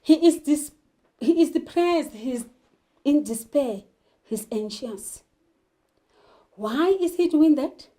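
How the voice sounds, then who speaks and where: A woman's voice: high-pitched, mellow, poor audio. A woman teaching a literature lesson, talking emphatically and putting questions to her learners. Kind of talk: televised classroom lesson.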